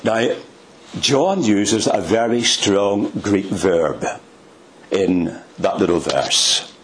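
Slow, low-voiced male preacher. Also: a little hiss or hum. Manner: dramatic, slow and emphatic with sudden rises in pitch. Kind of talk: sermon.

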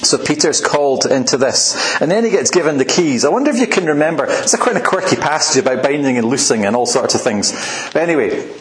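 A man preaching a sermon in a relaxed, chatty way, often laughing at his own asides. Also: fairly high pitch, fast, few pauses, reverberant, rough recording. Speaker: pastor.

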